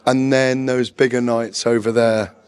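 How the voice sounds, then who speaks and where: Guest boxing pundit, man, mid-range pitch, knowledgeable and rambling. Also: level tone, unhurried, clean tone. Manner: knowledgeable, discursive, self-deprecating. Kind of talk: casual interview. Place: press conference venue.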